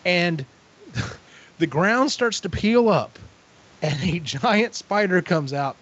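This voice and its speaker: A man co-hosting a casual podcast, retelling a story with lively acted-out voices and frequent swearing. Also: sits high, slow pace. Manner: animated retelling, acts out characters, swears freely. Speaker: podcast co-host. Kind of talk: casual book recap chat. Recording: dull lo-fi audio.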